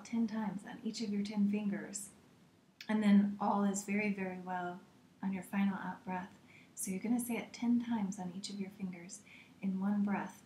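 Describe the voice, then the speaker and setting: A woman teaching a guided meditation in a slow, gentle way, often slipping into a soft whisper. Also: medium pitch, roomy sound, slight background noise.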